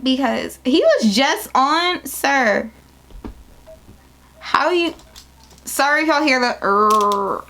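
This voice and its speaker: A young woman filming a casual unboxing vlog on her phone at home, gushing and excitable, jumping into high squeals. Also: slow, pauses often, slight background noise. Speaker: beauty vlogger starting a business. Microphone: phone camera.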